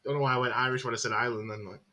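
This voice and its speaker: A man's voice: medium pitch, steady tone, very fast, bright, forceful tone. A man hosting a live match watchalong stream, chatting casually, calling the play and answering viewer comments with frequent filler words.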